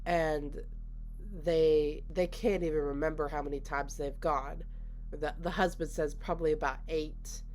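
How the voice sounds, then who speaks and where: Her deep voice stays fairly even and unhurried, a little mellow, with slight background noise. She recaps a film in casual reviewer fashion, moving scene by scene, peppering it with "like" and retelling what characters say.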